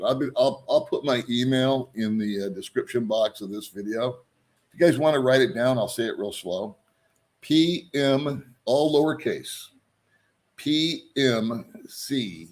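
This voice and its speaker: A man hosting his own vlog, chatting casually and loosely, with frequent ums and chuckles. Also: medium pitch. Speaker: vlog host. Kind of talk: casual rambling vlog chat.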